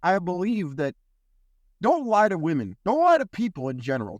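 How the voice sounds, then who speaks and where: A young man hosting a podcast, telling a story in casual chat with loose swearing and quick impressions of other people. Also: sits high, no echo. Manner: animated, swears freely, mimics others in quotes. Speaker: podcast host.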